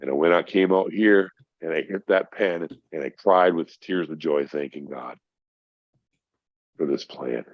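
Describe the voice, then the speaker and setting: Here a middle-aged podcast guest with a rumbling low voice talks a little slowly, recounting something personal in a casual conversation. Swearing is frequent, the delivery emphatic, and "bro" is how he addresses the host. There's no echo; the sound is dry, dull and lo-fi.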